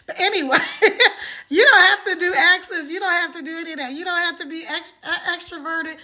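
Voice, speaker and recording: A middle-aged woman hosting a live stream, giving an energetic, motivational pitch straight to her viewers. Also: fairly quick. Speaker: live-stream host promoting a program.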